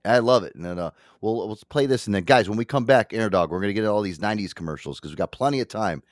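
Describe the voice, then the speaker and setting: A man hosting a casual podcast, telling profane stories and acting out his friends' lines in quick voices. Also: lowish voice, dry recording, clean studio sound. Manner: profane animated storytelling, acts out friends' lines. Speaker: podcast host.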